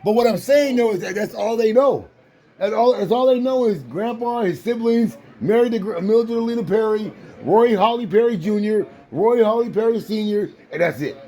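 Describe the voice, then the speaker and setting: A man's voice: high voice, normal speed, dark tone. A man telling a family story in a casual, emotional way, repeating phrases and restarting his sentences. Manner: repetitive, restarts phrases, insistent.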